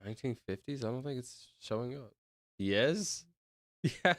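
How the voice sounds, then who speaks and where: A man's voice: medium pitch, expressive, measured pace, fairly bright tone, dry recording, studio quality. A young man streaming, chatting casually in a rambling, slangy way and calling people bro. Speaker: streamer counting out loud. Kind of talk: casual livestream chat.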